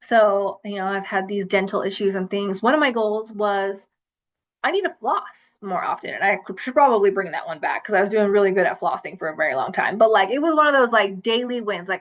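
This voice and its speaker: A woman's voice: medium pitch, moderate pace, lo-fi sound. A woman hosting a self-love livestream, chatting casually with lots of fillers and restarts. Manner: chatty, rambling, with many fillers.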